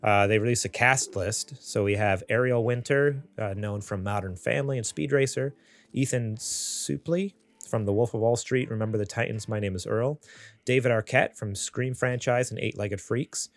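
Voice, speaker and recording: A young man co-hosting a casual gaming podcast, reading news stories aloud in an even, steady way. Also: mid-range voice, normal speed, no echo.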